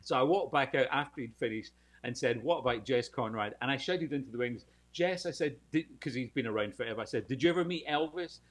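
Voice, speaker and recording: A man's voice: medium pitch, quick pace. A British man telling a showbiz anecdote in casual podcast chat, acting out the voices of people in his story. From United Kingdom.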